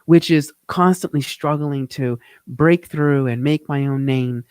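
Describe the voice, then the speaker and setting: Host, man, a touch high, dry close sound, earnest and reflective talk over his photos. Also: a little mellow, clean tone, no room sound. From Phoenix, Arizona. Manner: reflective, earnest, halting with fillers. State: getting emotional. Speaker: host, tax teacher. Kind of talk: live-show narration over travel photos.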